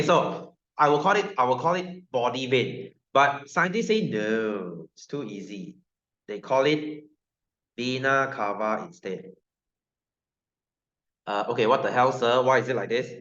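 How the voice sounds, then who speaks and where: A man's voice: medium pitch, fairly bright tone. A male science teacher with a Malaysian English accent giving a classroom lecture, joking and constantly quizzing his students. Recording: roomy, dull sound.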